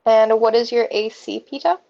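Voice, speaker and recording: A woman's voice: a little high, fairly even intonation, moderate pace, creaky. A woman narrating a tabletop game as game master, with vivid descriptive narration. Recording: dull lo-fi audio.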